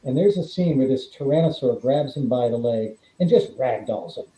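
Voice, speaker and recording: Dark-voiced man telling stunt stories. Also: mid-range voice, moderate pace, reverberant, poor audio. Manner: animated anecdote-telling, acts out quoted dialogue. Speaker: guest, former stuntman. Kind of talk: storytelling in a podcast interview.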